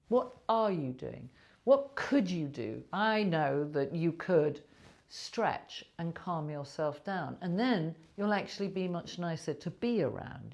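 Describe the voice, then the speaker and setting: A woman's voice: deep voice, darkish tone. A middle-aged woman, a trauma therapist, talking frankly and emphatically to camera from her own recording device. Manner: frank and emphatic, candid, sometimes salty. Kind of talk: reflective talk to camera.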